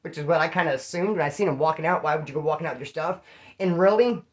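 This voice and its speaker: This man's pitch is fairly high and his delivery races along. He's a former inmate swapping stories casually, full of slang and swearing, performing the other characters' dialogue himself.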